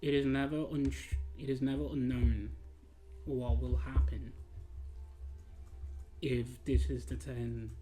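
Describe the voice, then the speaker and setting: A man playing an earnest male adventurer who bargains with an enemy in a measured, pleading way. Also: mid-range voice, level tone, mellow, faint music behind, lightly acted. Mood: imploring.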